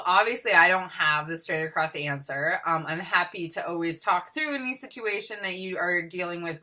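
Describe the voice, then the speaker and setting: A woman's voice: fairly low pitch, bright, forceful tone. A young woman leading a sales team, talking casually in a chatty, upbeat way with many ums and restarts. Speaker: team leader.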